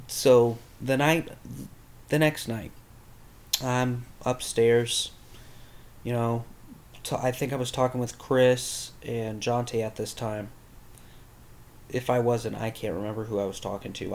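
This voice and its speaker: A man's voice: mid-range voice, fairly even intonation, measured pace, pauses often, darkish tone. A young man candidly telling a personal story, rambling and swearing, as a podcast host. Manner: candid, rambling, with crude language.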